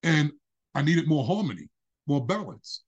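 A man, a podcast guest, telling a candid personal story in an animated way. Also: normal speed, slightly rough, lo-fi sound. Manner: animated, acts out quoted dialogue with big pitch jumps.

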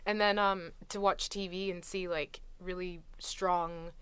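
A young woman talking casually as a guest, retelling stories in a chatty, animated way. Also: fairly low pitch, measured pace, clean tone, dry recording. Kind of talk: casual conversation.

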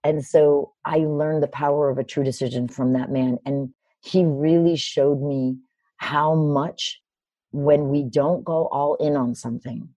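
A woman in her fifties, a personal development teacher, telling a story in conversation with animated, emphatic delivery. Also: low-pitched, a little slow, no echo. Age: 50s. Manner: animated, emphatic retelling with raised quoted lines.

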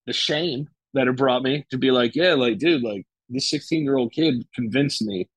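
A man's voice: medium pitch, moderate pace, breathy edge, dry recording, rough recording. A young man telling a personal story in casual chat, with loose, profane talk full of fillers and restarts. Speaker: guest.

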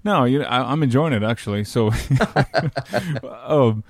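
A man hosting a podcast in casual chat, enthusiastic and quick to laugh, often repeating words as he starts sentences. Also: medium pitch, no room sound, clean studio sound. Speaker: podcast host.

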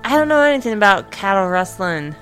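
Woman, tabletop role-play, blunt questioning, bright voice, faint music. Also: mid-range voice, big pitch swings, fast. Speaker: player.

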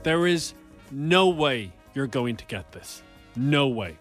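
A man co-hosting a radio show, running games in an excitable, animated way. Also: mid-range voice, slow pace, faint music behind. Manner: animated, excitable game presenter. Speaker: radio co-host. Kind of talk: playful radio banter.

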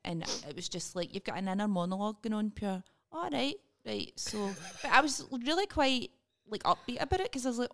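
A Scottish woman comedian hosting a podcast, chatting casually with wry, deadpan, sweary humor. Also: medium pitch, brisk, few pauses.

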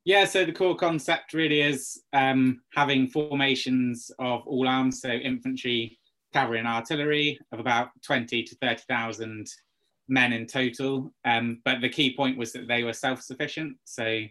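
A man, a historian being interviewed on a podcast, explaining at length with frequent ums and pauses. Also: mid-range voice, steady tone, pushed and bright. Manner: hesitant, many ums, explanatory. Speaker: guest military historian.

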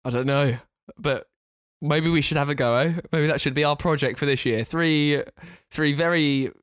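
A man's voice: a little high, moderate pace, fairly bright tone, clean tone, dry recording, clean studio sound. A man co-hosting a podcast, wry and bantering. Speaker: podcast co-host. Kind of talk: casual chat.

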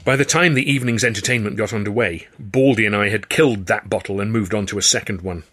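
A man narrating his own novel in the first person, in a wry, measured storytelling manner. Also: fairly low pitch, a bit bright. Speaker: author reading his novel.

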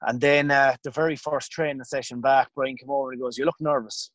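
A man's voice: medium pitch, little pitch movement, quick pace, fairly bright tone, dry recording. A man with an Irish accent, a former goalkeeper, telling long anecdotes in a casual interview with many restarts. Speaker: former hurling goalkeeper guest.

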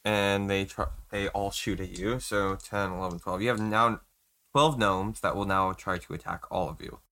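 A man in a relaxed manner, narrating a tabletop game as game master and laughing along. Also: low voice, normal speed. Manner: laid-back, laughing through narration.

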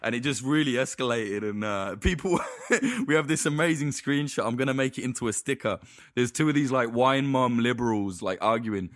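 A man's voice: mid-range voice, brisk, dry recording, studio quality. A man in casual podcast chat, telling stories in a rambling, profane way full of false starts.

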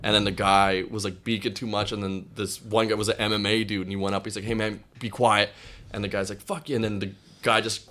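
A man, a comedian, telling stories in casual chat and acting out quoted people with big jumps in voice. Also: fast. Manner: animated, acts out quotes with big pitch jumps. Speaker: comedian guest.

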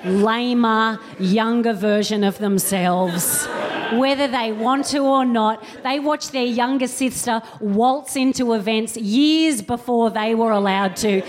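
A woman's voice: a little high, takes it slowly, noisy background. A woman around forty, a comedian and co-host, telling a wry, self-mocking comic story to a live audience and acting out quotes in mock voices.

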